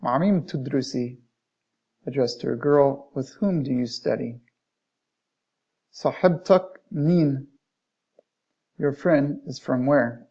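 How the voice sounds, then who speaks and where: Gravelly, mellow male Arabic teacher. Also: medium pitch, normal speed, long pauses. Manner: reads passages aloud, then restates them plainly, modeling Arabic phrases. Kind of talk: explaining textbook lesson. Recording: dull lo-fi recording.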